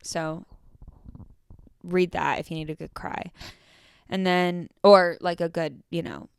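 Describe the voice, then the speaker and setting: A woman's voice: lowish voice, steady tone, slow, gravelly, clear, resonant tone, dry recording, studio quality. A young woman hosting a solo podcast, chatting casually with lots of fillers and swearing freely. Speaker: podcast host.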